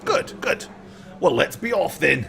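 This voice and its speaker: A man's voice: fairly high pitch, sing-song, a little slow, gravelly, sharp tone, a little hiss or hum, voice pushed up, full character voice. A man voicing a blunt male dwarf who guides the party, in a raised, bouncy voice.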